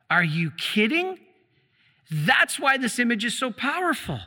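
Priest guy preaching, asks questions then answers em, super bright sharp voice, long church echo. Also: big pitch swings, husky. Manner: slows down and drops low for emphasis. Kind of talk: sermon.

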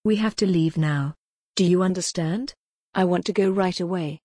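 A woman's voice: fairly low pitch, moderate pace, mellow, dry recording, clean studio sound, natural voice. A woman voicing a confused, frightened young woman in her twenties who pleads anxiously to go home. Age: 20s.

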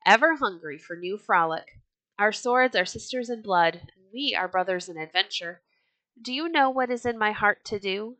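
Woman reading boisterous viking chieftain, hearty, declaiming, crisp and dry. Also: medium pitch, expressive, normal speed, bright, forceful tone, no echo, poor audio. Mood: rousing. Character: bold red-bearded Viking chieftain, hot-tempered and boisterous.

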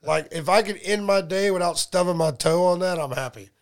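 A middle-aged podcast co-host with a high voice talks a little fast, casually spinning profane, humorous stories. He voices both sides of the conversations he recounts.

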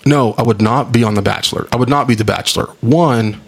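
A man's voice: mid-range voice, quick pace, gravelly, slightly rough. A man co-hosting a podcast in casual chat, rambling and opinionated, laughing often. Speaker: podcast co-host.

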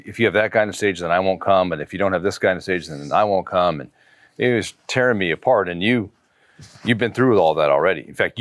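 A man's voice: low-pitched, no echo, studio quality. A man hosting an interview, speaking earnestly and reflectively as he prompts his guest. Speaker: interviewer host. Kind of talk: casual interview.

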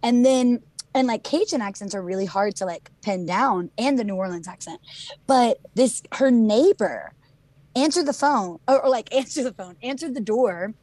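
A woman chats on a podcast, telling stories with lots of laughter. Her voice sits a little higher than most women's. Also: normal speed, no echo. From Louisiana, USA. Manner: animated, laughing storyteller. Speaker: podcast co-host. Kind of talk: casual chat.

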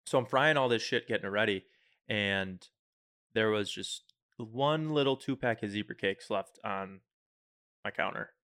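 A man's voice: lowish voice, unhurried, a bit bright. A young man co-hosting a podcast, chatting casually as a laid-back storyteller who swears now and then. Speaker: podcast co-host. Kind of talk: casual chat. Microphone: studio microphone.

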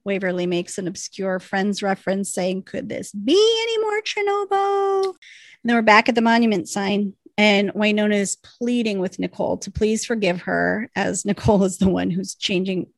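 A woman co-hosting a casual podcast, recapping a TV episode in an animated, storytelling way. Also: mid-range voice, normal speed, gravelly, dry recording. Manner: animated storytelling, quoting characters. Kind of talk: casual chat.

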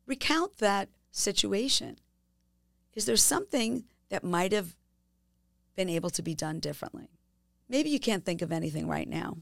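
A woman hosting a podcast, speaking gently and asking listeners reflective questions in a self-help talk. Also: fairly low pitch, gravelly, no room sound, studio quality. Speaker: podcast host.

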